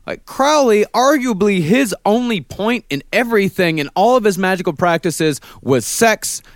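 A man's voice: sits high, animated, normal speed, no echo, clean studio sound. A man co-hosting a podcast in casual chat, making points with emphasis and teasing the others. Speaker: podcast co-host.

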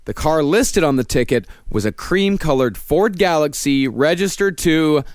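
A man hosting a podcast, telling the story and dropping his voice low at the ends of sentences. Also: lively intonation, normal speed, no echo, clean studio sound. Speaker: podcast host. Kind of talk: true-crime narration in casual chat.

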